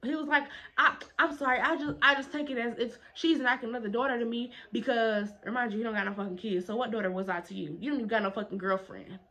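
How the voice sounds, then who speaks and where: A young woman recounts a story in a casual vlog, emphatic and full of indignant back-and-forth. Her voice sits a little high and sounds bright and forceful, and she rattles along at a quick pace. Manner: animated, emphatic, quick retorts with rising indignation.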